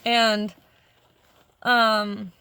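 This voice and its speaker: A young adult woman vlogging casually to camera, rambling through a story with heavy profanity and animated retelling. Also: medium pitch, drawn-out words, clear, resonant tone, no room sound.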